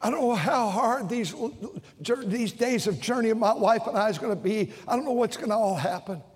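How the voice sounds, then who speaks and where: An older man preaches from the pulpit, his voice high for a man. He talks with heartfelt emotion, stumbling and restarting his phrases. The big auditorium wraps every word in a long, ringing reverb. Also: moderate pace. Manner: emotional, repeating himself with stammered restarts. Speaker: pastor. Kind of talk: sermon. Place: large church auditorium.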